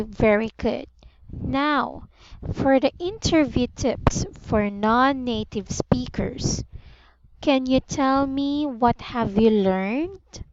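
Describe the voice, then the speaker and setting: A woman with a Filipino accent tutoring English on a video call, speaking slowly and patiently and often praising the student. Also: fairly high pitch, a little mellow. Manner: slow, patient, encouraging, repeats "very good". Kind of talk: one-on-one online lesson. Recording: slightly muffled lo-fi audio with faint noise.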